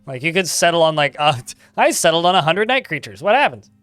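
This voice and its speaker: A man's voice: on the high side, sing-song, brisk, a bit bright, no room sound, faint music behind. A man giving casual live gameplay commentary, chatting, reading game text aloud and swearing casually. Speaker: game streamer.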